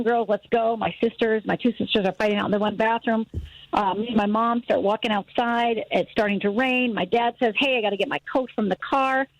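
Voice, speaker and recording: Animated woman telling her story on radio. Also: a little high, no room sound, low-quality recording. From Upper Michigan, US. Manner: animated storyteller, acts out voices, laughs easily. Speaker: guest, fear expert. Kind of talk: radio interview, personal story.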